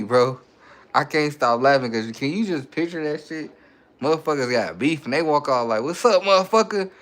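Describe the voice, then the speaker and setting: On a casual livestream, a male host reads viewer comments aloud and answers them with loose, laid-back, slang-heavy banter, laughing often. His voice is medium in pitch and fairly bright.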